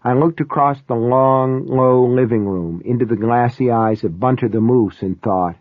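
A man's voice: mid-range voice, moderate pace, hardly any pauses, no echo. Man narrating a novel, tinny and dry. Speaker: audiobook narrator. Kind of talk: first-person novel narration.

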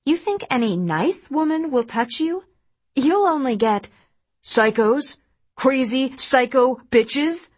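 A woman's voice: high-pitched, lively intonation, slow, breathy edge, voice pushed up, full character voice. A woman voicing a bitter, furious husband. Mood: accusing. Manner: harsh, accusing. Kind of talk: audiobook narration.

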